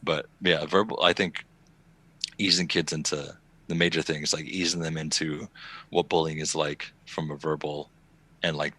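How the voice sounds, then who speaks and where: A young man hosting a podcast, chatting casually and fast with plenty of swearing. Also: very deep voice. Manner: fast, profane, animated storytelling. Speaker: podcast host. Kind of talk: casual chat.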